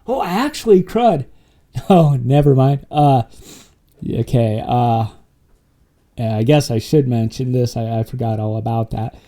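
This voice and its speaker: A man's voice: medium pitch, measured pace, warm tone. A man telling his life story as an interview guest, rambling and laughing often, with many fillers and restarts. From Wyoming and Montana, USA. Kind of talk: casual conversational storytelling.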